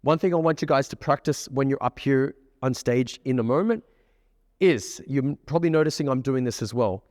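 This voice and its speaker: A man coaching a live group of students, keeping the session energetic and often checking that the room follows him. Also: medium pitch, normal speed, no echo, clean studio sound, long reverb tail. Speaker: dating coach. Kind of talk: live workshop teaching to a group. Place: room with a live audience, on stage.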